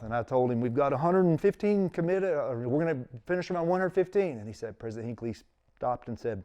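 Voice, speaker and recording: A man's voice: mid-range voice, lively intonation, quick pace, a little mellow, highs cut off. A middle-aged man, telling his story in casual conversation as an interview guest and acting out quotes with big jumps in his voice.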